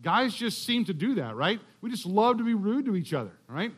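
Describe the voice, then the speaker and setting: A man's voice: sits high, sing-song, a little fast, breathy edge. A man preaching as a guest speaker in a church, explaining a scripture passage in a conversational way with humorous asides. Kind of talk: sermon.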